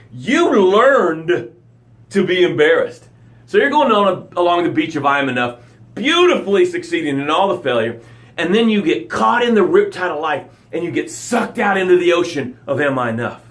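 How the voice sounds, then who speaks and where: A man hosting a motivational live broadcast, speaking directly to his listeners in short punchy phrases and swinging from loud emphasis to hushed low lines. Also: sing-song, normal speed. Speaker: motivational coach and show host.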